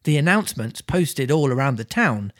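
Lively storyteller reading aloud. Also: mid-range voice, normal speed, dry recording, studio quality. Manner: expressive reading, lively intonation.

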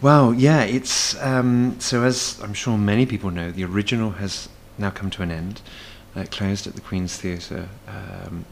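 A man's voice: fairly low pitch, steady tone, measured pace, creaky, few pauses, slight background noise. A man, a stage performer, chatting as a guest in a casual cafe interview, rambling with many fillers and restarts.

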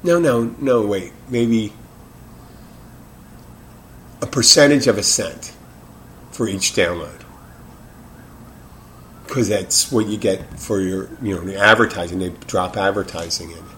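Male podcast host, lowish voice, loose rambling solo talk with restarts, faint hiss behind. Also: takes it slowly, pauses often, fairly bright tone. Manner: rambling, self-interrupting, frank and profane. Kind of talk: casual solo podcast monologue.

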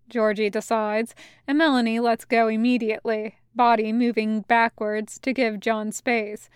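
A woman reads a story aloud in a calm, gentle, unhurried way. Her voice is a touch high and very clear. The recording is dry and close. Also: no room sound. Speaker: audiobook reader. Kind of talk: fanfiction audiobook narration.

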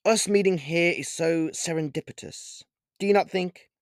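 A man's voice: clean tone, no room sound, natural voice. A smug, snooty male vampire from an audiobook, as a man reads him out, drawing out each word in a raised, haughty voice. The sound is dry and close. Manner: snooty, drawn-out, pitched-up delivery. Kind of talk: audiobook character voice.

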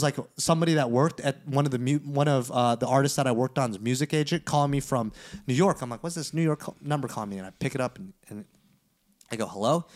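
Animated, profane podcast host, a man. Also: mid-range voice. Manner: animated, profane, acts out quoted dialogue. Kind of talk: casual storytelling chat.

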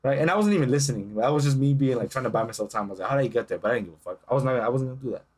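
Young man, podcast co-host, fast, animated, swears freely while he acts out the people in his story. Casual chat voice. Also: mid-range voice. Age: young adult. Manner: profane, animated storytelling with acted-out quotes.

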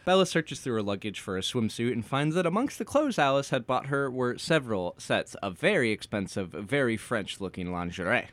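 A man's voice: mid-range voice, sing-song, fairly quick, hardly any pauses, a bit bright, dry recording. A man co-hosting a podcast, recapping a novel chapter by chapter with sarcastic jokes and asides. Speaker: podcast co-host. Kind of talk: casual chat and book recap.

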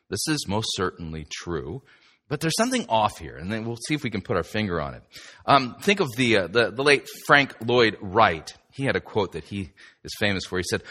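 Lively, bright-voiced male pastor. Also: fairly low pitch, slightly rough. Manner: chatty and emphatic, with asides to the listener. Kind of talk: conversational sermon teaching.

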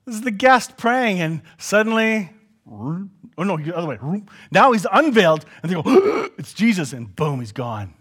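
A man preaching in a loose, conversational way, with a slightly high voice. He swings between quiet, low asides and loud, high bursts when he acts out the people in his story. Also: sing-song, normal speed, husky. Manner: conversational, acts out quoted dialogue with swings in pitch and volume. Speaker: pastor. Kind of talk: sermon.

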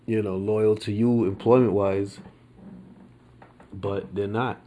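A man talks through current events in an easygoing solo podcast, unhurried and rambling. His voice sits low, and he drawls at a slow pace, leaning on casual slang and "you know what I mean.". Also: fairly even intonation, warm tone. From United States. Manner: slow and meandering, many fillers and restarts; laid-back, colloquial speech. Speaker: podcast host. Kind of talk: casual opinion monologue.

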